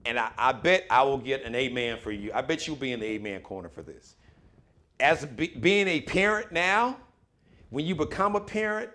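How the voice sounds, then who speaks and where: A man's voice: medium pitch, sharp tone. A man hosting a live talk show, speaking with enthusiastic, preacher-like emphasis in casual chat. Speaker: host.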